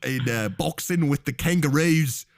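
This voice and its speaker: A man's voice: on the high side, unhurried, no echo, studio quality, voice pushed up. A young man putting on a clumsy mock Australian accent as a hick from the bush, stumbling over the words. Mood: goofy.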